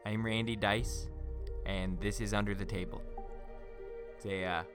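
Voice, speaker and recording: A man's voice: on the low side, little pitch movement, measured pace, over music. A middle-aged man from Minnesota, hosting a podcast and telling a story in a rambling, folksy way full of fillers.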